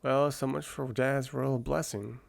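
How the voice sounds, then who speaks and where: A gruff, insecure ogre, whispered by a man in a role-play reading. He sounds low and gloomy, with a gravelly edge. The voice sits close and dry on the mic. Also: fairly even intonation, measured pace, no echo. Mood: glum.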